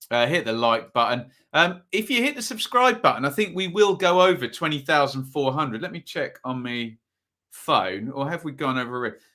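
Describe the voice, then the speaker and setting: A man's voice: medium pitch, bright, forceful tone. A man hosting a live football watchalong stream, chatting casually and rambling, with lots of ums and self-corrections. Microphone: phone or desk mic at a home setup.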